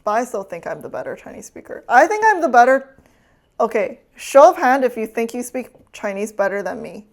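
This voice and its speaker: A woman's voice: on the high side, very animated, brisk, vocal fry. A woman streamer chatting casually with her chat while cooking, teasing and laughing often.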